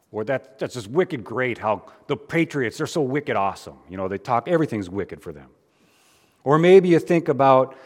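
A pastor giving a conversational sermon, with frequent fillers and restarts. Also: male voice, on the low side, a little mellow, long reverb tail.

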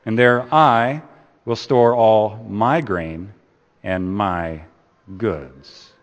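Man reading as smug rich landowner, low voice, slow self-satisfied musing, echoey hall. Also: highs cut off. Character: greedy rich farmer talking to himself, proud.

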